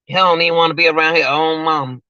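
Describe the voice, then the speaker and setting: A man's voice: a little high, flat delivery, fast, sharp tone, no room sound, highs cut off. A man giving emotional, repetitive livestream commentary, talking straight to his viewers.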